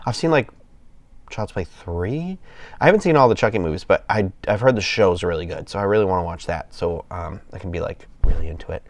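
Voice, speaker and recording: A man's voice: low-pitched, animated, brisk. A man hosting a casual livestream, chatting with his viewers in a rambling, enthusiastic way, full of fillers and restarts, a little tired. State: yawning, tired. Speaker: livestream host.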